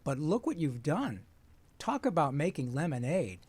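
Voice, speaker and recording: Animated storyteller man in his sixties. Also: fairly high pitch, normal speed, slightly rough. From Michigan, USA. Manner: lively storyteller, slips into playful character voices. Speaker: voice actor guest.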